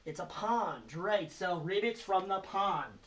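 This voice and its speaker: A man's voice: high voice, expressive, a little slow, fairly bright tone, a little hiss or hum. A man giving a recorded lesson to children, patient and encouraging, quizzing them with letter hints. His voice sounds a little far from the microphone. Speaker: teacher.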